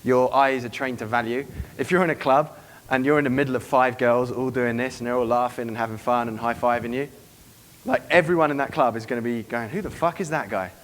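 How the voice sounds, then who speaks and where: A man giving a seminar to a live room, brisk and profane, acting out club scenes as he goes. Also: mid-range voice, steady tone. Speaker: dating coach giving a seminar. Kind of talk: live seminar talk to an audience.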